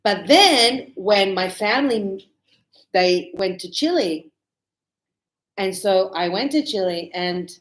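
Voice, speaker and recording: A woman teaching a relaxed spoken lesson, chatty and animated as she tells stories and laughs often. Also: mid-range voice, takes it slowly. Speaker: English teacher. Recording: echoey room.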